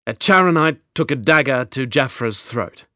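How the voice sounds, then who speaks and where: A man's voice: medium pitch, lively intonation, normal speed, sharp tone, no echo, studio quality. A man voicing a grim young messenger. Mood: tense. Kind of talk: audiobook character reading.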